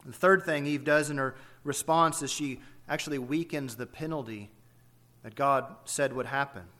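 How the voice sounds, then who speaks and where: A man's voice: mid-range voice, moderate pace, sharp tone. A man preaching an expository sermon, emphatic and full of rhetorical questions.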